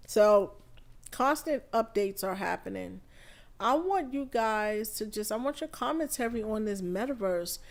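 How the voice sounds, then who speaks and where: A woman hosting a live podcast stream, feeling under the weather and chatting in an unhurried, rambling way full of fillers. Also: mid-range voice. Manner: unhurried, chatty, thinking aloud with many fillers. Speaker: podcast host. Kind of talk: casual live-stream talk.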